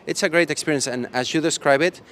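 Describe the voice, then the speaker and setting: A man hosts a live stream from an emptying conference hall. His voice sits a little high, and he rambles playfully and laughs often. He sounds a bit tired. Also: fast, a bit bright. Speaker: livestream host. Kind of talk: casual live stream chat. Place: conference hall after the event.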